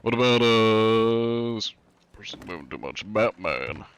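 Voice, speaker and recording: A mock-formal male inspector, played by a man, questioning people with stiff courtesy in an in-game role-play. His voice sits low, and faint noise hums behind him. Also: expressive, unhurried, fairly bright tone. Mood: politely probing. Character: formal male anti-cheat inspector, polite cheater hunter.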